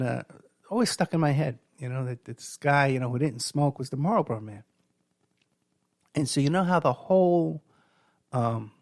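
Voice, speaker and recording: A middle-aged radio host with a medium-pitched voice tells rambling stories in a monologue full of fillers and restarts. The sound is studio quality, with no room sound.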